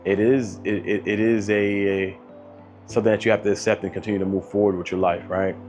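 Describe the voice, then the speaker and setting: Low-voiced man, soft and halting. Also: level tone. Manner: soft-spoken, halting, many ums and restarts. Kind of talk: personal grief story, casual telling. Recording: dull lo-fi audio with music behind. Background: soft instrumental music.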